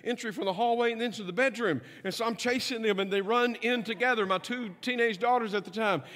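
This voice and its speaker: Speaking fast in a notably high, bright voice, a middle-aged pastor weaves humor and stories into his sermon. He makes asides to check on his congregation as his voice rings through a long, reverberant church hall.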